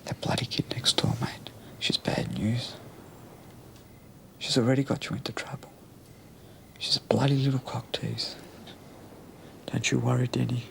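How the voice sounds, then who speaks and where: A man playing a gravelly, menacing Australian crook. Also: lowish voice, normal speed, slight background noise, lightly acted. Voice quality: gravelly, drops to a rasping whisper. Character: leering, menacing adult male criminal. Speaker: criminal. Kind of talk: TV police drama acting.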